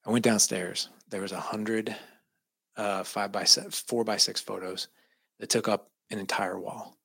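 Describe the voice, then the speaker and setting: Gravelly man telling an emotional story. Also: lowish voice, little pitch movement, measured pace, pushed and bright, dry recording. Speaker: guest. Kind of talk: personal storytelling.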